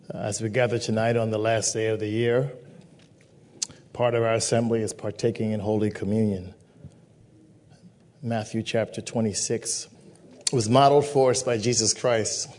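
Man preaching in a low, emphatic cadence. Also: steady tone, measured pace, long pauses, a little mellow. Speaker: pastor. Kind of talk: communion sermon.

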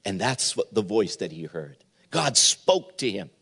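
A man's voice: on the low side, sing-song, a little slow, vocal fry, fairly bright tone, husky. A man preaching a sermon as pastor, retelling a Bible story and acting out the voices in it.

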